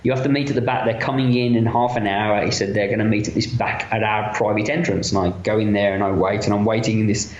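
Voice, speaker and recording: A man's voice: lowish voice, fast talker, hardly any pauses, highs cut off. Chatty man telling stories in a roomy echo. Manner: animated anecdotes with many fillers and quoted voices. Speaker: interview guest, effects makeup artist. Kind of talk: casual storytelling interview.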